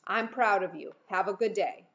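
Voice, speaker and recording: A woman's voice: mid-range voice, a bit bright, lo-fi sound, close to an everyday voice. A woman voicing an impatient, breezy father in a read-aloud storybook. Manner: brisk, exasperated. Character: impatient breezy dad heading to work.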